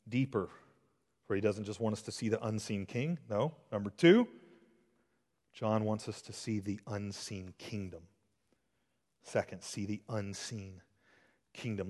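A man preaching an expository sermon as pastor, shifting between loud emphasis and hushed, intense passages. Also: on the low side, unhurried, long pauses. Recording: long hall reverb.

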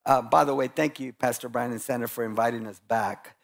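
A man preaching as a guest pastor, animated and a little sarcastic, acting out quotes as he goes. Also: mid-range voice, a little fast, vocal fry. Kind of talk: lively sermon.

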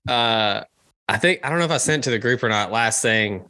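A man co-hosting a podcast in loose, joking chat, swearing freely and tossing in quick asides. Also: medium pitch, expressive, pushed and bright. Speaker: podcast co-host. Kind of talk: casual chat.

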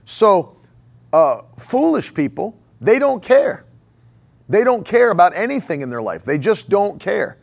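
A man's voice: high voice, big pitch swings, a little slow, creaky. A man preaching a conversational sermon as a pastor. He repeats phrases for emphasis and chuckles often.

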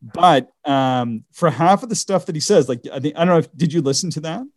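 Chatty man with a halting, restarting delivery. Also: on the high side, a little mellow, no room sound, clean studio sound. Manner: hesitant, many restarts and laughs. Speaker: podcast co-host. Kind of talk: casual chat.

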